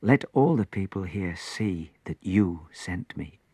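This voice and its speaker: A man voicing a calm, gentle grown man in a storybook, speaking in a measured way. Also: low voice, slightly rough, no room sound, exaggerated voice.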